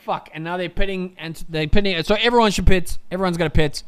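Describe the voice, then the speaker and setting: A man streaming a live race watchalong, reacting with heated, profane ranting that drops into low muttering. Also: fast, smooth.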